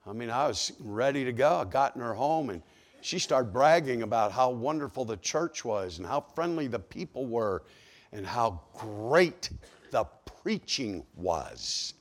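A man preaching a sermon, telling a story with acted-out dialogue and swinging from hushed to loud. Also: mid-range voice, expressive, unhurried. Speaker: pastor.

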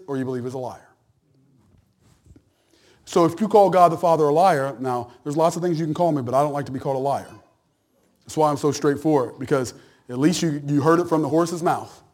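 A man preaching a sermon, emphatic and animated with joking asides. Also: on the high side. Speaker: pastor.

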